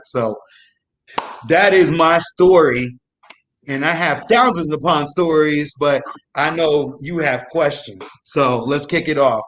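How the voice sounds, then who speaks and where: A young man tells a true story as a guest on a live show, keeping it casual, laughing as he goes and adding lively asides. He has a voice on the high side and takes his time.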